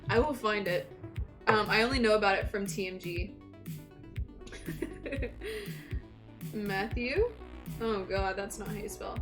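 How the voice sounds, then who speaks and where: A woman streamer chatting casually with her viewers, teasing them and laughing often. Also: on the high side.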